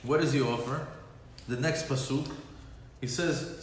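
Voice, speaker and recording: A man's voice: mid-range voice, fairly even intonation, measured pace, pauses often. Man teaching a Torah class in an echoey hall. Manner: explains verses, mixing Hebrew quotes with casual English. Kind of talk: lunch-and-learn Torah class. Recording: echoey hall, faint background noise.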